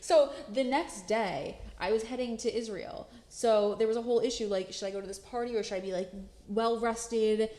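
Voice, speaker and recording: A woman's voice: on the high side, moderate pace. Young woman telling a story, laughing often. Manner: animated, laughing, swearing, acts out quotes. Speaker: podcast co-host. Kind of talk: casual storytelling chat. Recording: roomy echo.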